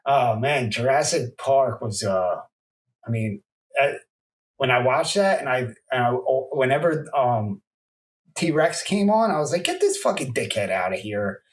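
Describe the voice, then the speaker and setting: A man's voice: medium pitch, a little slow, far from the mic. A man co-hosting a podcast, easygoing and agreeable, often stumbling through fillers. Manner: laid-back, agreeable, fumbling with fillers. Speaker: podcast co-host. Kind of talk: casual comedic podcast banter.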